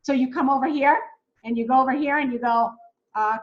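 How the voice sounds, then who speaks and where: High-voiced, chatty woman coach. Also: brisk, lo-fi sound. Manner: chatty and excitable, addresses viewers as guys. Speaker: travel business coach. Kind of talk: casual teaching while screen-sharing.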